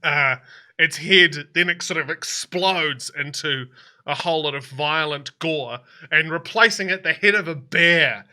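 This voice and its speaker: Guy running a tabletop game, very bright tone, hesitant rambly narration. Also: on the high side, a little slow. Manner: rambling, hesitant, laughing through descriptions. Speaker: dungeon master.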